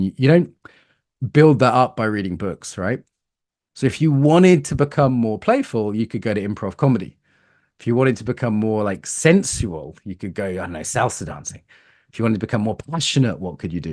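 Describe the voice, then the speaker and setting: A man from Britain teaching a live coaching workshop, lively and playful, asking the room questions. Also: mid-range voice.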